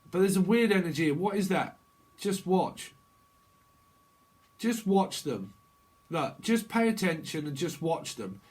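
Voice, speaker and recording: A man's voice: sits high, animated, measured pace, pauses often. A man giving a rambling, jokey tarot reading, laughing often between his thoughts. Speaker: tarot reader. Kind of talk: casual tarot reading monologue.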